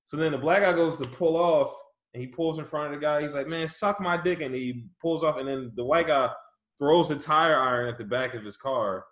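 A man with a slightly high voice tells animated, profane stories in casual chat and laughs often. His voice rings in an echoey office room. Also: a little fast.

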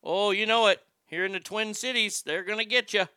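A chirpy, folksy Upper Midwest lady, put on by a man, high-pitched and bright, all sing-song politeness. The sound is dry and close. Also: fairly even intonation, brisk, smooth, no echo.

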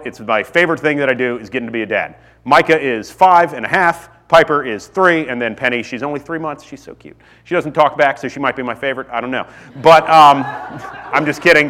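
A man's voice: medium pitch, a little fast, fairly bright tone. A man in his thirties preaching a sermon in a casual, self-deprecating way that rises to fervent pleas. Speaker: pastor. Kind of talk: sermon with personal stories.

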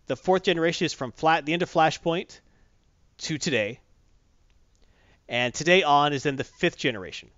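A man's voice: a little high, normal speed, long pauses, fairly bright tone, no room sound, lo-fi sound. A man chatting casually as a podcast host, rambling and correcting himself as he goes. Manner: rambling, self-correcting, enthusiastic. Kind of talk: casual chat.

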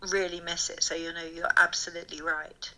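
Very bright, playful woman chatting. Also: on the low side, level tone, fairly quick, poor audio. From London. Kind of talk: casual chat.

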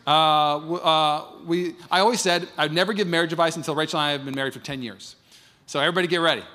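A man's voice: fairly high pitch, fairly even intonation, quick pace, pushed and bright. A man in his thirties preaching a sermon, telling a marriage story and acting out both sides of it. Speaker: pastor. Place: large church hall. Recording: long hall reverb.

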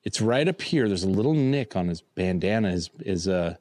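A man's voice: sits low, lively intonation, moderate pace, a little mellow, dry recording. A man hosting a casual chat, rambling and joking as he shows off collectibles. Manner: rambling, jokey, breaks into silly voices. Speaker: host.

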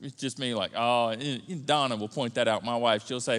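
A man preaching a sermon as pastor, conversational and animated, swinging from loud to hushed. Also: mid-range voice, normal speed. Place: church auditorium. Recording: church hall reverb.

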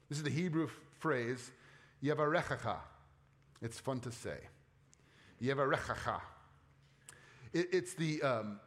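A man preaching a sermon as a pastor, earnest, dropping soft and low when reading scripture, with casual conversational asides. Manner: conversational asides with playful quoted voices.

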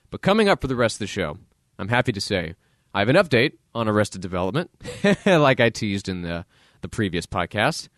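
A man's voice: on the low side, fairly bright tone, dry recording, studio quality. A man hosting a podcast with casual opinion commentary, blunt and acting out voices of other people in his dialogue. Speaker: podcast host.

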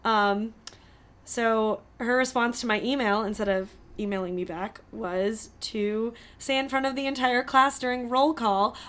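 Young woman, podcast producer, somewhat high voice, hesitant, self-deprecating, casual chat. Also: a little slow, fairly bright tone.

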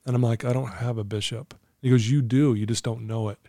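Middle-aged man, earnest storyteller, mellow voice, dry close mic. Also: mid-range voice, fairly even intonation, brisk, no echo. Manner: earnest, acts out quoted dialogue. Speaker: guest telling his story. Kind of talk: casual storytelling conversation.

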